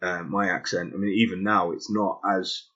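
A man with a London accent chats casually, stopping and restarting his sentences. His voice is low and husky. The audio is dull and lo-fi. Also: level tone, moderate pace, fairly bright tone. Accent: London English. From England. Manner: chatty, hesitant, many restarts. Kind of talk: casual chat.

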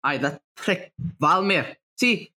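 A man voicing a brash, hot-tempered male dwarf warrior in a tabletop game, talking gruffly and swearing often. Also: on the high side, lively intonation, takes it slowly, pushed and bright, heavily acted. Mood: boastful, angry. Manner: gruff, boastful, swears a lot. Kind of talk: tabletop role-play in character.

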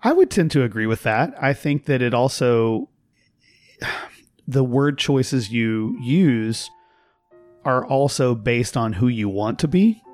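A man from Texas, a linguist guest on a podcast, explaining his ideas in a measured, casual way, with faint music behind. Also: medium pitch, very animated, a little mellow. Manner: explanatory, measured, laughs at his own examples. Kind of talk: casual conversation.

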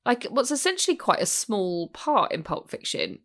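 A woman co-hosting a podcast in casual chat, animated and swearing freely, often restarting her sentences. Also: medium pitch, normal speed. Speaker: podcast co-host.

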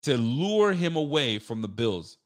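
A man's voice: medium pitch, sing-song, measured pace. A man hosting a sports podcast, giving casual football picks and venting animatedly, swearing and talking straight to his listeners.

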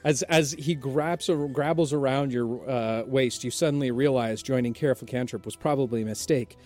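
A man running a tabletop game as game master, relaxed with many fillers. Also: medium pitch, moderate pace. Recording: dry, with faint music.

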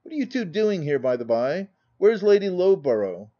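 A man voicing a brash, boisterous young country gentleman who talks in a loud, blustering way, read as part of a storybook. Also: sits high, big pitch swings, normal speed, dull audio, pitched above the performer's own voice. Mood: boastful.

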